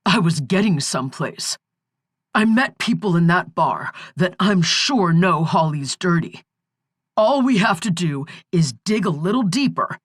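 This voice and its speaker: A woman's voice: on the low side, lively intonation, measured pace, dry recording. A woman voicing a panicking young man in jail, his voice quavering and close to tears. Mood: defiant. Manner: desperate, quavering, near tears.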